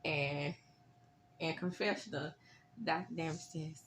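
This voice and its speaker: A sassy woman hosts a casual reality TV recap with blunt, animated asides and a bit of cussing. Her voice sits mid-range, with a faint hum of room ambience behind it. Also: mid-range voice, unhurried.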